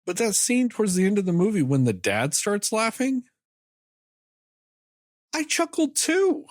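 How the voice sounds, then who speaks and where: A man's voice: sits high, wildly swooping pitch, dry recording, clean studio sound. A man co-hosting a casual film review podcast, rambling and swearing freely as he talks through scenes. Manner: often acts out characters' lines in quick asides. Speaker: podcast co-host.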